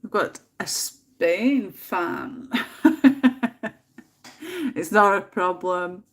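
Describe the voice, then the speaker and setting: A woman's voice: on the low side, drawn-out words. An English woman hosting a casual colouring livestream from home, chatting, laughing often and muttering to herself as she picks colours, with a bit of a cold. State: has a cold. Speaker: livestream host.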